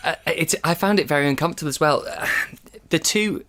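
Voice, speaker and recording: A man's voice: on the high side, huge pitch swings, normal speed, a bit bright. A man hosting a horror film podcast, talking casually and laughing often. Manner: laughs often, hesitant with fillers. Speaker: podcast host.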